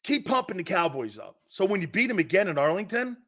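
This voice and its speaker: Loud, mocking sports radio host, a man. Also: high voice, sing-song, fast. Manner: loud, mocking, puts on voices and laughs often. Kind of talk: animated sports talk rant.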